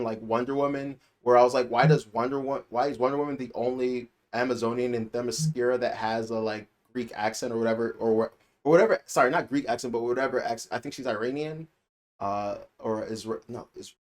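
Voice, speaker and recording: Rambling male anime reviewer. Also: mid-range voice. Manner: rambling, repeats himself, emphatic. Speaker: anime reviewer and channel host. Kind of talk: casual spoken review.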